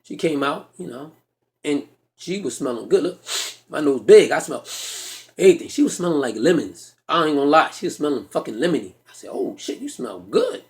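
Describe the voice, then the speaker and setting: On stage, a stand-up comedian tells a profane, animated story, acting out its characters in different voices. His voice is fairly high, brisk, and gravelly.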